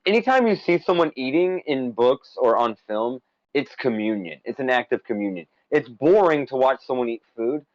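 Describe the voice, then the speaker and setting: A man's voice: mid-range voice, lively intonation, moderate pace, no room sound, dull audio. A man from the United States co-hosting a casual stream, talking about a film and a game with lots of fillers and tangents. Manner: rambling, filler-heavy, enthusiastic. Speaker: podcast co-host and essay author.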